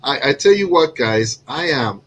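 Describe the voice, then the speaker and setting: A man's voice: mid-range voice, expressive, measured pace, fairly bright tone, a little hiss or hum, poor audio. Rambling man hosting a cigar chat. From Cuban. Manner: rambling, self-correcting, lots of fillers. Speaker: cigar show host. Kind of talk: casual chat.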